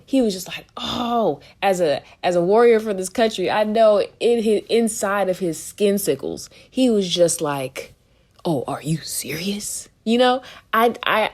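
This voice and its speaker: A woman co-hosting a podcast, talking candidly and with plenty of swearing, exasperated and laughing often. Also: medium pitch. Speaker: podcast co-host. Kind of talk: casual opinion chat.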